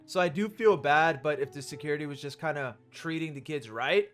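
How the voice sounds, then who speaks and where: A man's voice: on the high side, fairly quick, hardly any pauses, a bit bright, faint music behind. A young man hosting, giving loose, profane casual commentary on concert clips and laughing between points. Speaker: host.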